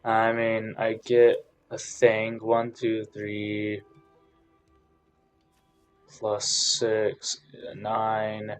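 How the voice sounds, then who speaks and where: Guy griping thru a card game, slow talker, goes loud then mutters numbers, bit of music behind. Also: on the low side, completely flat delivery. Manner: frustrated, swings from loud ranting to muttered counting. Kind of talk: casual gameplay commentary.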